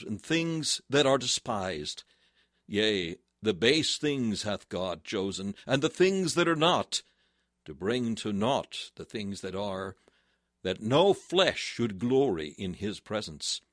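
A man's voice: on the low side, a bit bright, no echo, studio quality. A man preaching a sermon in a solemn voice that rises to fervent exclamations. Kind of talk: sermon reading.

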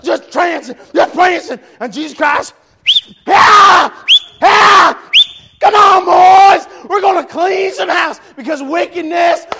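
Fiery male preacher, high rough voice, repeats refrains and shouts them out. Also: slight background noise. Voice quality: gravelly, high-pitched voice. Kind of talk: shouted revival sermon.

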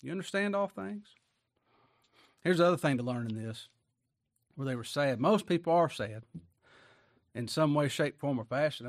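Man, preacher, conversational sermon, fairly high voice, dry sound. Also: no echo. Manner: conversational preaching with rhetorical questions.

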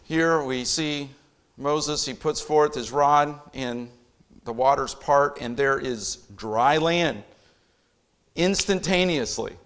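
A man preaching a sermon in a fairly high voice. He reads scripture aloud and swells into loud, impassioned emphasis on key lines. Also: takes it slowly, smooth. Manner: reads scripture in King James wording.

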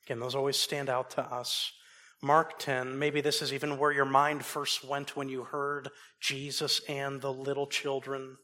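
A man preaching a sermon, swinging from loud emphasis down to low, soft asides. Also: completely flat delivery, measured pace. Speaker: pastor.

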